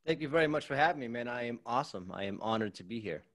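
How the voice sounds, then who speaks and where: Upbeat, bright-voiced young guy. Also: medium pitch, rapid-fire, no echo, studio quality. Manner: upbeat and energetic, laughs a lot, slangy. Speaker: podcast guest. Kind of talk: casual chat. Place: home podcast studio with sound panel.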